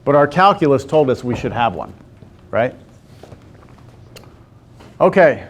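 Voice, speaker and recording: Very animated and medium in pitch, this math teacher walks his class through a calculus graph one step at a time. He addresses the students directly and keeps stopping to check that they follow.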